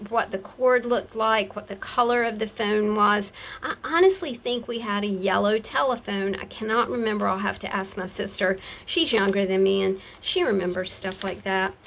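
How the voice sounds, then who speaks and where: A woman's voice: medium pitch, fairly bright tone. A middle-aged woman, rambling chattily as she shows off craft supplies and laughs at herself. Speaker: craft seller showing her products. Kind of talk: casual craft show-and-tell.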